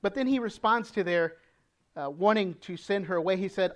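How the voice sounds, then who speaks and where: A woman preaching a sermon, earnest, posing rhetorical questions with dramatic pauses. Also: medium pitch. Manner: acts out quoted pleas with rising emotion.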